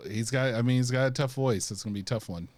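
A man's voice: mid-range voice, quick pace, a little mellow, dry recording. A man co-hosting a podcast, teasing his co-host in casual chat and protesting with strings of repeated words.

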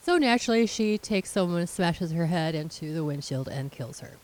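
Explaining woman with a lowish voice. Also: animated, brisk, a little mellow, poor audio. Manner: explanatory, acts out characters' lines while retelling. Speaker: podcast co-host. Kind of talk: casual recap chat.

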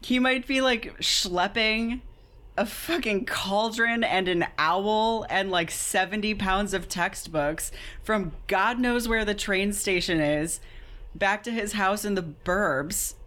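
A woman's voice: medium pitch, slow, fairly bright tone. A woman co-hosting a podcast, chatting casually about a book, incredulous and swearing freely with lots of "like". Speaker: podcast co-host.

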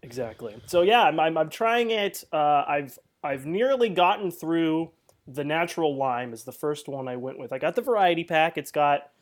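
A man's voice: fairly high pitch, animated, normal speed. Laid-back, rambling man co-host. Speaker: podcast co-host. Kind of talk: casual chat.

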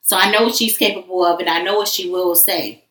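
A woman's voice: on the low side, fairly even intonation, fairly quick, sharp tone, recorded from a distance. A woman talking candidly and emphatically about her past in a loose, casual way. Her voice sits a little back from the microphone. The room around her is echoey. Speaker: guest. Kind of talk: candid personal conversation. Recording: echoey room, voice a bit off-mic.

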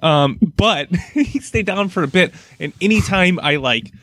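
A middle-aged man with a slightly high voice, talking sports in a loose, rambling way and laughing between his complaints. The sound is dry and close, with no room echo. He keeps coming back to how frustrated he is. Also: expressive, a little slow, a bit bright. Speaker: sports podcast co-host. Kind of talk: casual sports chat.

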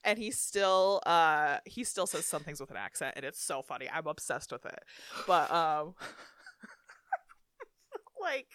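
A woman chatting casually as a podcast co-host, telling an animated story full of "like" fillers. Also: deep voice, takes it slowly, long pauses, dry recording, clean studio sound. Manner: chatty and animated, many "like" fillers, bursts of laughter.

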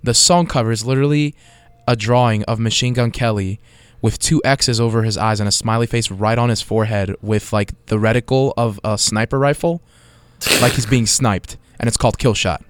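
A man's voice: fairly low pitch, steady tone, normal speed, clear, resonant tone, no echo. A young man in casual chat, stumbling and repeating himself as he reads lyrics aloud. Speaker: friend talking music. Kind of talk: casual chat over a call.

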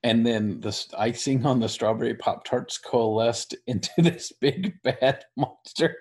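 A man telling a long story in casual chat, rambling and animated, laughing now and then. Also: mid-range voice, measured pace.

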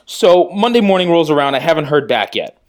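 A man chatting as a podcast guest, with a somewhat high voice that swings widely as he tells a story. He acts out every side of the conversations he recalls and swears freely. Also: fairly quick. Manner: animated storyteller who acts out both sides of a conversation. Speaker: podcast guest and radio producer. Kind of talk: casual podcast chat.

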